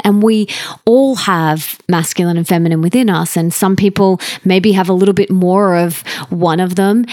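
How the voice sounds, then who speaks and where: A woman hosting a podcast interview, talking warmly and reflectively about relationships in an eager, conversational way. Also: fairly low pitch, dry recording, clean studio sound. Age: adult, stepmother of an eleven-year-old. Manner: enthusiastic, reflective, speaks of her book and family. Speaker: podcast host.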